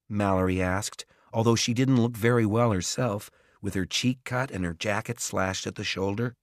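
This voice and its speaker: Man reading a kids fantasy audiobook, lowish voice, steady and expressive, super dry close sound. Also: moderate pace, few pauses, dry recording. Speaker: audiobook narrator. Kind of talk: scripted narration.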